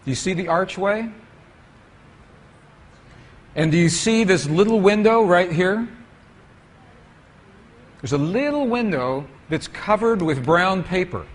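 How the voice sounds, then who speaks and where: A man with a husky voice pitched a little high tells a story while lecturing from slides. He speaks unhurriedly and keeps turning to his audience with questions. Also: lively intonation, slow pace, pauses often.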